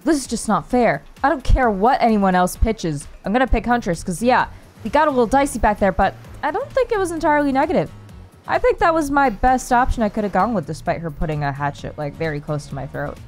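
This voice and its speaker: Brief: woman streamer, animated, self-deprecating, swears casually; very lively pitch. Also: brisk. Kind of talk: casual game commentary. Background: faint game music.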